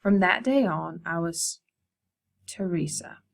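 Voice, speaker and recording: A woman art teacher reads a picture book aloud to her class. Her storytelling is expressive, and she often speaks to the students directly. Her voice has a gravelly edge. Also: medium pitch, moderate pace.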